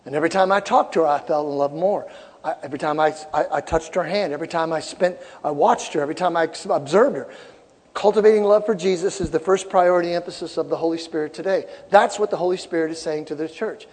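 Middle-aged male pastor, husky high voice, impassioned sermon, long hall echo. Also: quick pace. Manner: animated preaching, shouting peaks, repeated phrases. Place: large church sanctuary.

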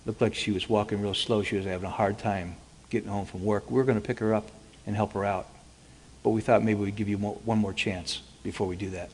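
A hushed, low-voiced mobster who speaks slowly and politely while every word carries a threat, as a man puts him on while telling his story. His voice hangs in the long echo of a large hall. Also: steady tone, slight background noise, natural voice. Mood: menacing. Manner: quiet, slow, coldly polite threats. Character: soft-spoken menacing male mob enforcer.

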